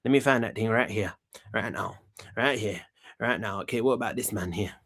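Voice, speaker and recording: A man's voice: lowish voice, moderate pace, creaky, fairly bright tone. A man hosting a comedic talk show sketch, brash and full of slang, rambling and repeating himself.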